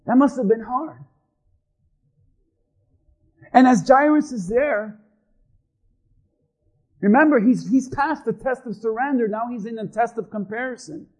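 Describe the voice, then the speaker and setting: Man, pastor, sermon, very high voice, shouts then hushes. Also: moderate pace, low-quality recording. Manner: animated, swings from shouting to hushed.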